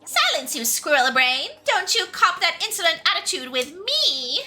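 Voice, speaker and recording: A woman's voice: very high voice, sing-song, moderate pace, bright, forceful tone, faint music behind, pitched above the performer's own voice, exaggerated voice. A woman voicing a cruel, imperious old female shadow witch in a haughty, scolding manner, with an almost Russian accent.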